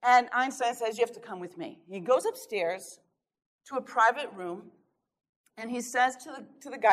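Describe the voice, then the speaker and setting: A woman giving a workshop talk, telling an anecdote in a lively, storytelling way with small chuckles. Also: fairly high pitch, moderate pace. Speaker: workshop speaker. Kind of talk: storytelling lecture.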